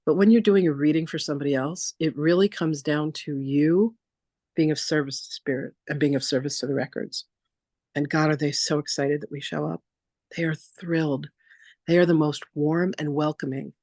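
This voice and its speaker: A woman spiritual teacher leading a masterclass, telling stories in a chatty, animated way with lots of casual fillers. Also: low-pitched, moderate pace, no room sound, clean studio sound. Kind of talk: casual storytelling lecture.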